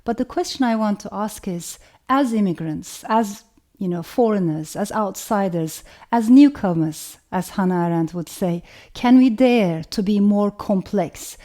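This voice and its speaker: A woman author with a Turkish accent, speaking in a thoughtful, measured way and often saying "you know". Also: medium pitch, mellow. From Turkey. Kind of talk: reflective talk to camera.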